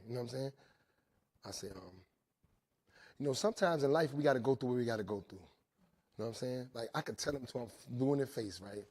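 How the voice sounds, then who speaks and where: Husky man in his forties giving testimony. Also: mid-range voice, fairly quick, pauses often. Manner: animated storytelling, repeats "right?". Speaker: recovery speaker. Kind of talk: testimony talk to inmates.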